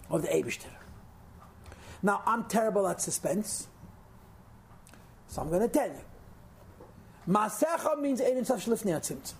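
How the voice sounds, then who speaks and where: A man's voice: extremely high pitch, darkish tone, slight background noise. A man leading a text lesson for a small group. He explains carefully, stresses key terms and makes dry, self-mocking asides. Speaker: teacher of a Hasidic text class.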